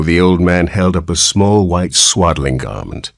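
A man narrating a story slowly and clearly for English learners. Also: low voice, no echo, studio quality. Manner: slow, clear, expressive reading.

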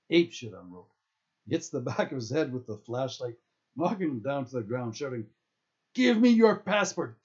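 A man's voice: fairly low pitch, mellow. A man reading his own novel aloud, stumbling now and then and correcting himself mid-sentence. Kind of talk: audiobook-style reading of own fiction. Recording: dull lo-fi recording.

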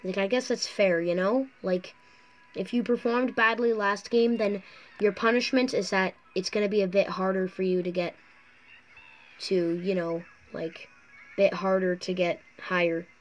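This mobile gaming YouTuber talks a little slowly in a steady, mid-range voice. Chatty and rambling, she comments on the racing game she's playing on her phone, whose mic picks her up through a screen recorder.

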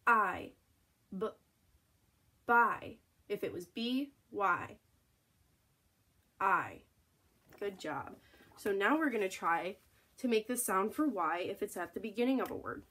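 A young woman teaches children letter and spelling sounds in a slow, encouraging way. She sounds out each letter and praises the class often. Her voice sits at a medium pitch. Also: lively intonation, a bit bright, breathy edge. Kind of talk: phonics lesson for young children.

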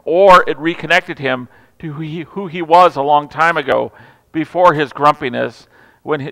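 Bright-voiced pastor in a reverberant church. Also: male voice, a little high, creaky. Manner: storytelling with humor, swings from loud to hushed. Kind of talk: Christmas Eve sermon. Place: large church sanctuary.

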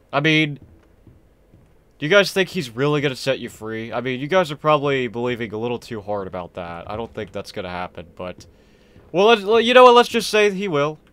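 A young man casually commenting on a horror game he is playing, rambling, excitable and self-deprecating. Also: medium pitch, smooth, no echo. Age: young adult. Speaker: gaming channel host. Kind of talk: casual let's-play commentary.

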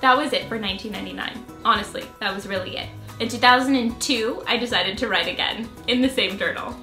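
Late-20s woman vlogger, giggly and chatty, reading an old diary aloud; bright tone in an echoey room. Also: fairly high pitch, quick pace, hardly any pauses, soft background music. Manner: giggly, laughs between lines.

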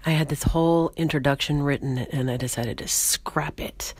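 A hoarse woman hosting a podcast, rambling casually with lots of fillers as she sets up an old comedy sketch. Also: low-pitched, steady tone, normal speed, loud music behind the voice. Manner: rambling, with many fillers and restarts. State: hoarse, voice mostly lost. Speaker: podcast host.

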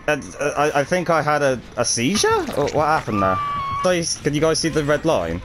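A young man narrating his own match as he plays, with a high voice that swings wildly up and down. He gets excited easily, swears freely and shouts encouragement at his teammates. Faint noise sits under the recording. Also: unhurried. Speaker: gaming video creator. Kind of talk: live gameplay commentary.

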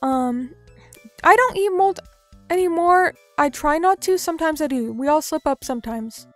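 A woman's voice: high voice, lively intonation, moderate pace, faint music behind. A young woman streamer chatting casually, reading out chat messages and joking about herself in a playful way. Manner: playful, reads chat aloud, self-mocking.

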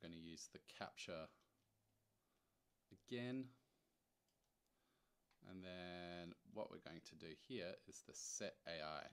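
Young man, deep voice, casual live tutorial host, chatty and wry, thinking out loud. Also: slow pace, long pauses, clean tone. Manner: thinks aloud, loose and chatty, wry asides. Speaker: software demo presenter.

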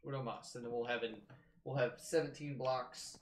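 A young man hosting a casual gaming session, playfully melodramatic, swinging into loud mock outrage and laughter. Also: medium pitch, steady tone, moderate pace, roomy sound. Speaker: gaming channel host.

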